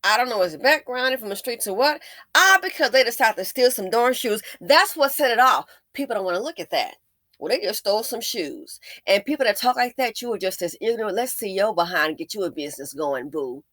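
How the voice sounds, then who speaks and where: Host of a commentary vlog: a woman with a bright, dry voice, sarcastic and emphatic. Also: expressive, a little fast, no echo. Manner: sarcastic and emphatic, with repeated jabs; shifts between loud stresses and low muttering. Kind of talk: opinion commentary.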